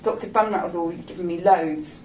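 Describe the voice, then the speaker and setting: A woman's voice: fairly low pitch, fairly quick, darkish tone, a little hiss or hum, close to an everyday voice. A woman voicing a troubled young man, glum and plaintive, in a storybook reading. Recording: roomy echo, distant mic.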